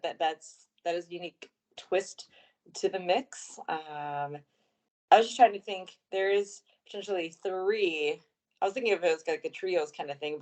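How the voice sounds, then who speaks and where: Low-voiced woman musing on wrestling. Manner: thinks aloud with hesitant fillers. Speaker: podcast co-host. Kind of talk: casual wrestling news chat.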